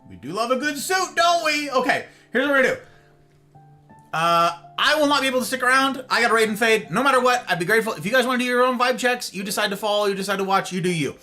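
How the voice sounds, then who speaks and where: A man's voice: extremely high pitch, fast talker, soft background music. A man streaming live, chatting casually and rambling straight to his viewers. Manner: animated, rambling, talks straight to chat.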